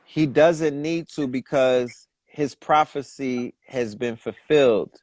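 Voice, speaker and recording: A man's voice: medium pitch, slow pace, a little mellow, no room sound. A man on a casual podcast, speaking as guest with impassioned, preachy emphasis. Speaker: guest commentator.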